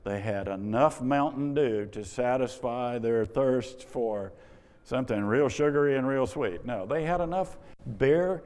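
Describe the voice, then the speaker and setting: A man's voice: mid-range voice, unhurried. Man preaching a wry sermon. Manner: lively, wry, exasperated asides and rhetorical questions. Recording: long reverb of a large hall.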